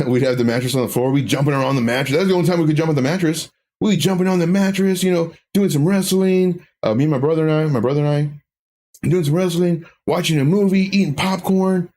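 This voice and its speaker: A man's voice: medium pitch, darkish tone. Guy rambling on a crypto stream, casual chatty, telling stories between charts. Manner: rambling, personal storytelling. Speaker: crypto trading educator. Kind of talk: casual livestream chat.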